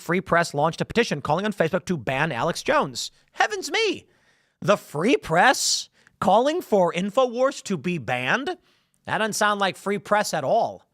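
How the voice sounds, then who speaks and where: A man delivering a political commentary monologue, his fairly high voice swinging widely as he mocks and scolds. The sound is dry and close, with no room around it. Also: dry recording. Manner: animated, sarcastic, mocking. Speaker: show host.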